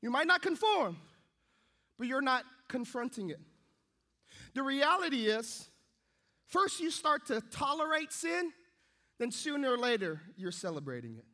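Young male preacher, very high and forceful voice, animated storyteller. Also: unhurried, pauses often. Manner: lively storytelling, acting out his own thoughts. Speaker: pastor. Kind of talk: sermon with a comic personal story.

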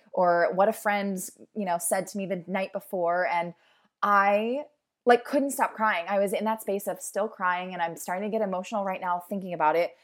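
Woman, 30s, podcast host; open, heartfelt, casual chat, mid-range voice. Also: mid-range voice. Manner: candid, emotional, chatty with many "like"s. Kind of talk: casual personal podcast monologue.

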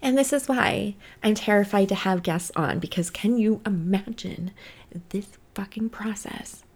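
A woman's voice: mid-range voice, moderate pace, darkish tone. A woman hosting her own podcast, chatting casually and rambling, often swearing at herself. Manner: rambling, self-deprecating, swears a lot. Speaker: podcast host. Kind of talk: casual solo podcast chat.

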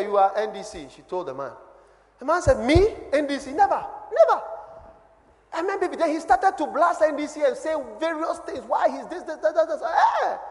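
A man with a Ghanaian accent preaching a sermon as a pastor, his voice dropping low and then swelling loud. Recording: long hall reverb.

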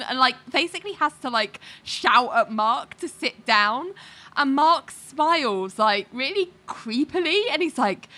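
A woman's voice: sits high, expressive, normal speed, bright, forceful tone. A woman co-hosting a casual chat, retelling a story and acting out the characters' lines with lots of fillers. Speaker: podcast co-host recapping a TV show.

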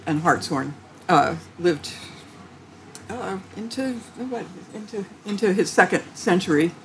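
A woman theologian answering interview questions in a thoughtful, halting way, with frequent restarts and light laughter. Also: lowish voice, animated, a little hiss or hum. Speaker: theologian guest.

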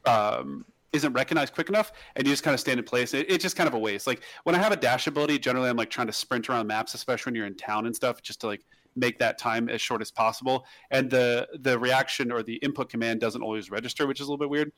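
A man's voice: mid-range voice, fast talker, a bit bright, no room sound. A man hosting a casual podcast, rambling along with many restarts and fillers. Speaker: podcast host.

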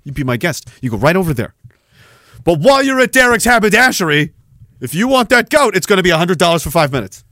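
A man's voice: high-pitched, very animated, fast, bright, forceful tone, no echo, exaggerated voice. A man putting on a pushy backwoods male goat-pen hustler, brusque and salesy. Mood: hawking.

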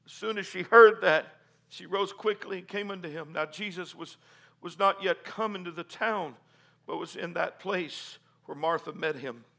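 A man preaching a sermon, reading scripture aloud and rising to fervent, loud appeals with calls of amen. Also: high-pitched, moderate pace, vocal fry. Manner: calls for congregation responses and says amen. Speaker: pastor.

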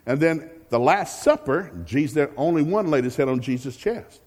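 A male pastor preaching a folksy, joking sermon with animated storytelling. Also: on the high side, moderate pace. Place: church sanctuary. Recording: long reverb of a large hall.

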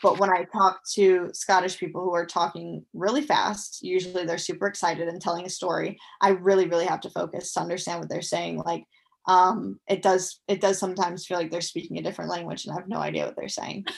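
A young American woman in her twenties, a professional athlete, chats as a guest in a casual interview. Her voice is fairly low, fairly quick, and creaky, and she sounds upbeat, using lots of fillers.

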